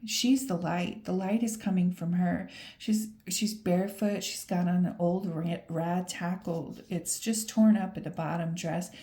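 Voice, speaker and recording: A woman's voice: lowish voice, fairly even intonation, a little slow, few pauses, mellow. A woman giving a casual, upbeat tarot reading to camera, laughing often and talking straight to the viewer. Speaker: tarot reader. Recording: roomy echo.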